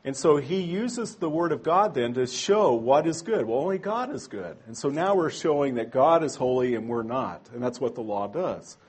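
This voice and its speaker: A man's voice: mid-range voice, lively intonation, moderate pace, hardly any pauses, darkish tone, slightly rough. A man teaching a church training class in a conversational way, tossing in rhetorical asides and correcting himself aloud. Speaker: Bible teacher.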